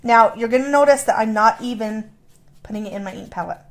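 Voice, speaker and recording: A woman's voice: a little high, fairly quick. A middle-aged woman demonstrating a craft in a chatty, playful way, explaining each step. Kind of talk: casual craft tutorial.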